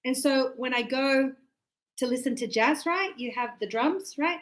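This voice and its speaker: A woman's voice: high-pitched, a little slow, poor audio. A woman teaching English pronunciation to a class, explaining step by step, repeating words and checking that students follow.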